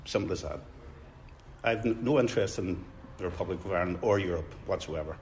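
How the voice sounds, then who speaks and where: An older man speaks firmly and emphatically in a street interview. His voice sits fairly low, with faint background noise from outdoors. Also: a little fast, darkish tone.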